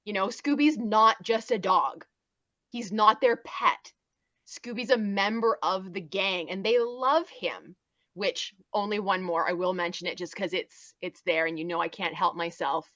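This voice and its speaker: A woman's voice: a little slow, fairly bright tone, no room sound, dull audio. A woman on a fan podcast panel, talking enthusiastically and acting out cartoon lines. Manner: enthusiastic, acts out cartoon lines in higher voices. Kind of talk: casual podcast chat.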